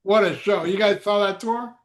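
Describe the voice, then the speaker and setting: A man chatting casually as a podcast host, telling animated stories and swearing freely. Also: sits high, moderate pace, echoey room. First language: Spanish. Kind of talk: casual chat.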